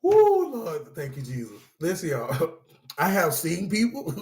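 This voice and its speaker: A man's voice: a little high, expressive, a little slow, echoey room. A man hosting a support-group talk to camera, part preaching, part casual chat, who laughs often and calls his viewers y'all.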